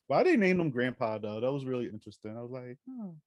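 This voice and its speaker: A young man co-hosting a casual horror movie chat, gushing excitedly and swearing casually. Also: mid-range voice, quick pace, no echo, muffled recording. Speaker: podcast co-host.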